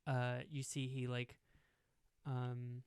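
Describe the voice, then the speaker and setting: A man's voice: mid-range voice, completely flat delivery, slow pace, a little mellow, clear, resonant tone, no room sound, studio quality. A young man narrating a tabletop game as game master, rambling with lots of fillers. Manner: rambling, full of "like" and "um".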